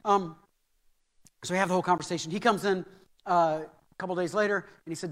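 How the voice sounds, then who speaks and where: A man's voice: a little high, steady tone, quick pace. An American man preaching a sermon as pastor, earnest and anecdotal, repeating key phrases for emphasis. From United States. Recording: reverberant hall.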